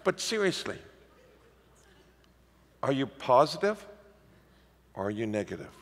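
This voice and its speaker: Male preacher with a gravelly edge, animated storyteller, heard in a reverberant church hall. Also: medium pitch, unhurried. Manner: lively storytelling preacher, animated swings in loudness. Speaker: pastor. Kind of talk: sermon.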